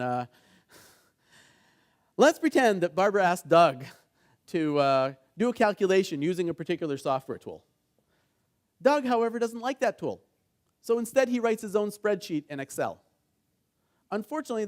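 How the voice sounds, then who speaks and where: A middle-aged man with a fairly high voice leads a conference workshop on negotiation. He talks to the room in an engaging way and acts out the dialogue in his stories. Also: moderate pace, pauses often. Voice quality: engaging, keeps asking the audience "right?". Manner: animated storytelling, acts out quoted dialogue. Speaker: negotiation trainer and mediator.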